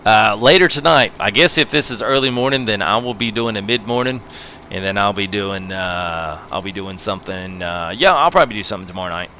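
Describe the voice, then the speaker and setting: His voice runs on the low side, with lively intonation, a brisk pace and a bright, forceful tone, plus a little hiss or hum. This gaming livestreamer is playing a farming game late at night and casually talking with viewers. Laid-back and laughing a lot, he says "man" after many phrases.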